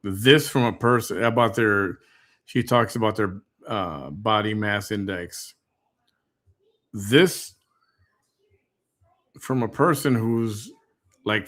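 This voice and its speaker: A man's voice: fairly low pitch, slow, pauses often, fairly bright tone. A man hosting, commenting on a replayed clip in a wry, critical, laid-back way. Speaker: commentary host. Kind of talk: casual commentary.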